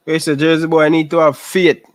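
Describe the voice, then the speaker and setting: Jamaican male streamer, casual chat, slightly high voice, dry close sound. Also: no echo. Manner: chatty, repeats himself, addresses viewers by name. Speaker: livestream host. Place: living in Canada.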